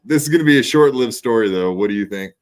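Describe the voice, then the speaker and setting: A man's voice: mid-range voice, lively intonation, fast talker. A man hosting a podcast, chatting bluntly and profanely in casual commentary. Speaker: podcast host.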